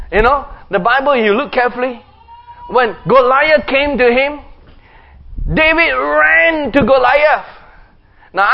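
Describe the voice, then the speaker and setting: A man preacher giving a sermon, telling the story in an animated way with sound effects and chuckles. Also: very high voice, gravelly, dull audio.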